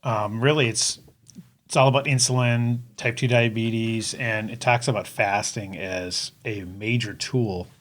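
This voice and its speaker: A man hosting a casual fitness podcast, relaxed and easygoing, agreeable with his co-host. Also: lowish voice, unhurried. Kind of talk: casual chat.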